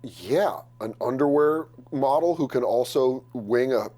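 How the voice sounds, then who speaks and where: A man chatting casually as a comedian guest on a podcast taped live, animated, laughing and slipping into voices. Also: mid-range voice, measured pace. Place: live podcast taping before an audience.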